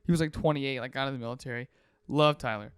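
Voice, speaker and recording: A podcast host in his twenties delivers a fast, animated story in casual chat, playing out the characters and sound effects with enthusiasm. His medium-pitched voice is clear and resonant, with studio quality and no echo.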